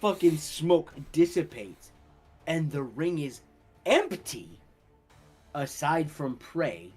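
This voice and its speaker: A young man narrates a tabletop game as its dungeon master, taking his time over every line. His voice sits a little high and swings widely in pitch, with a slightly husky edge, and soft music plays behind him. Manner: slow, animated storytelling with laughter.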